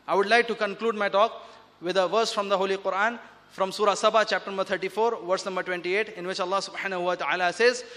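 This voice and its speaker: Emphatic male lecturer with a very high voice, preaching to an audience; rhetorical questions, recorded in a reverberant hall. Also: sharp tone. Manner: emphatic, slows down to recite scripture. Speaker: speaker at an Islamic awareness event.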